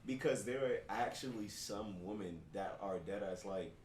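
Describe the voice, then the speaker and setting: A young man co-hosting a podcast, animated and fond of acting out quotes. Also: fairly low pitch, moderate pace, far from the mic, a little hiss or hum. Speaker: podcast co-host. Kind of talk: casual chat. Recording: roomy echo, from off mic.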